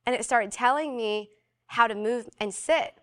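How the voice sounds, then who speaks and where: Young adult woman, slightly high voice, casual and animated storytelling guest, heavy on "like". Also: normal speed. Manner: animated, fillers of "like", acts out quoted voices. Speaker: guest sharing a personal testimony.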